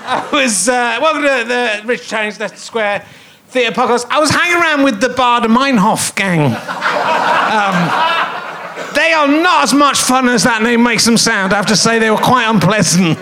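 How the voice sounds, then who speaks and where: A man in his fifties with a noticeably high speaking voice hosts a comedy podcast from a theatre stage. He rambles, trips over his own sentences and undercuts himself with jokey, self-mocking asides. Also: animated, normal speed, noisy background. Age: 50s. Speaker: podcast host. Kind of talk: comic live podcast hosting on stage.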